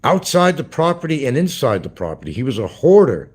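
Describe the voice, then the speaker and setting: A man's voice: medium pitch, very animated, brisk, a little mellow, husky. A man hosting a livestream, rambling through crude gossip with swearing and chuckles. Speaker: livestream host. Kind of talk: casual livestream commentary.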